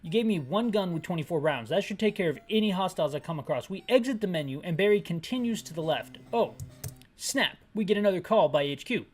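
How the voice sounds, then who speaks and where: A woman's voice: lowish voice, lively intonation, quick pace, a little mellow, breathy edge, soft background music. A woman narrating a descriptive audio game playthrough with sarcastic, ranting asides. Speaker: game commentator.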